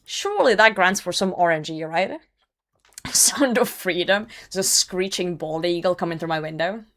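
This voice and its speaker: A woman's voice: lowish voice, expressive, brisk, fairly bright tone. A young woman streaming a game and chatting casually, reading chat messages aloud and laughing often. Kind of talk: casual gaming livestream chat.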